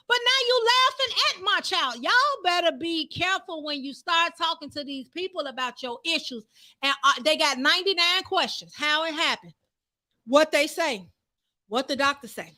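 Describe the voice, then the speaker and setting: A woman's voice: extremely high pitch, expressive, normal speed, sharp tone. A woman preaching a live-streamed sermon in a fervent, repetitive, conversational way.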